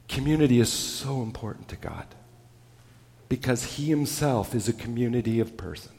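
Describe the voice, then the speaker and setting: A male pastor preaching a sermon with emphasis, dropping low and soft on key words. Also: long reverb tail.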